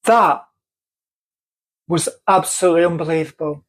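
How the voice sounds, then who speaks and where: A woman's voice: on the low side, moderate pace. A woman with a North Manchester accent telling a personal story to camera, earnest and emphatic, repeating phrases for stress. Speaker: vlogger.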